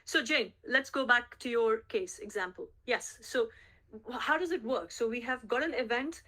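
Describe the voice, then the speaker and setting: A woman's voice: fairly high pitch, normal speed, sharp tone. A woman coaching a sales team on a group call. She speaks emphatically, repeats her key phrases and keeps checking in with the team.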